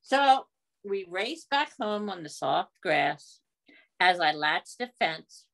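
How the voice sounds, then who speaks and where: A woman's voice: lowish voice, sing-song, slow pace, creaky, fairly bright tone. A woman leading a children's library storytime, reading a picture book aloud in a coaxing sing-song way and asking the kids questions.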